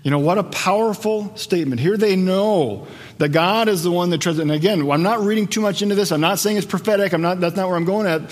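A male pastor giving a conversational sermon, often dropping low and quiet for emphasis, in a church hall. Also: fast. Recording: long hall reverb.

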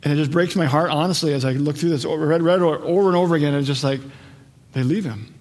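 A man's voice: fairly high pitch, fast talker, darkish tone, in a large hall. A man preaching a conversational, earnest sermon as a pastor, often restarting and rephrasing his thoughts.

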